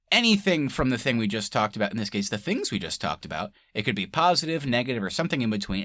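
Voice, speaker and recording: A man's voice: medium pitch, bright, forceful tone, dry recording, clean studio sound. A man co-hosting a casual movie-review podcast, laughing often and swearing freely as he chats. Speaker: podcast co-host.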